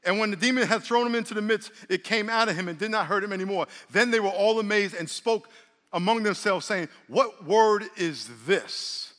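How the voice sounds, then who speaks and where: A man's voice: high-pitched, moderate pace, a bit bright, long reverb tail. A male pastor preaching a sermon, calling on the congregation to respond and slipping in jokes. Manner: preaching with call-and-response and humor.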